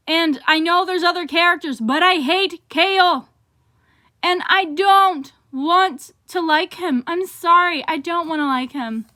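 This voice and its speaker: Young woman, book vlogger; high pitched, bright tone, dramatic and gushing. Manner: gushing and dramatic, with outbursts and laughs. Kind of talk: casual book review vlog.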